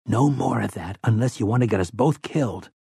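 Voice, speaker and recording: Brief: tense boy in hiding, hushed and quiet, read by a male narrator, dry sound. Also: mid-range voice, a little fast, creaky, breathy edge, no echo.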